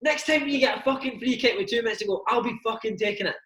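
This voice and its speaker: A man's voice: extremely high pitch, fast talker, sharp tone, a little hiss or hum. A man voicing a furious, hot-headed male football veteran who swears and bawls, in a roomy recording. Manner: swearing, bawling. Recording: roomy echo.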